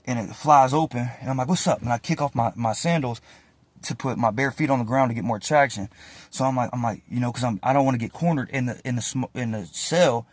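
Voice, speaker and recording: A man telling a casual, animated story about his past in slangy, profane talk. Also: mid-range voice, a little fast, dry recording.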